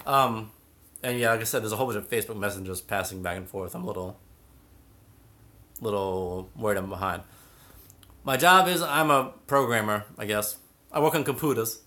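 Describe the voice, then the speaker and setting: A man's voice: mid-range voice, animated, moderate pace, long pauses, bright, forceful tone. A young man hosting a casual live stream about cats, chatting and reading out viewer comments. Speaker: cat channel host.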